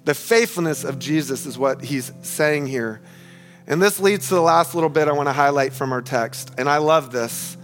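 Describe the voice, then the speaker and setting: High-voiced earnest male pastor preaching. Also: normal speed, faint music behind. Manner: earnest, emphatic, addresses listeners as friends; repeats key phrases for emphasis. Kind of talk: sermon. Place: church sanctuary.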